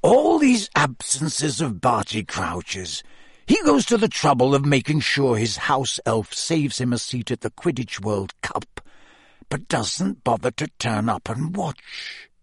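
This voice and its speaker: A grim, bitter wizard on the run, as a male reader puts him on. He talks low and deliberately, with a lively rise and fall in the pitch. The storybook reading sounds dry and close. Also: slightly rough, no echo, exaggerated voice. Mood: brooding. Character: grim, brooding adult male wizard fugitive.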